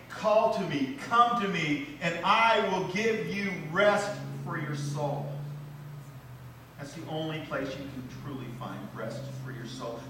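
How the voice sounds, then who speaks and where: A man, a pastor, preaching a sermon in a church, swinging between loud, rising lines and low, quiet emphasis. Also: a little hiss or hum. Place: church sanctuary. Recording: echoey church hall, mic at a distance.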